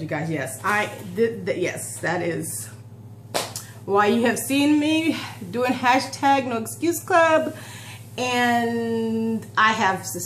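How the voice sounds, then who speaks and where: A woman in her forties vlogs in a chatty, heartfelt way, close to tears and often starting sentences over. Her voice sits at a middle pitch. The room around her is echoey, with a faint hum underneath. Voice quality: emotional and chatty, with restarts. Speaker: vlogger. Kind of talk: casual talk to camera.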